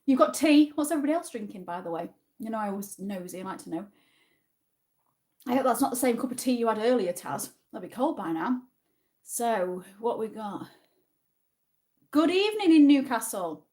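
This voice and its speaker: A woman's voice: a little high, sing-song, normal speed, pauses often, a little mellow. A woman from Yorkshire with a northern English accent, hosting a casual livestream quiz and chatting back to viewer comments. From Yorkshire, England. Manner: chatty, reads viewer comments aloud and answers them. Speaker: livestream host.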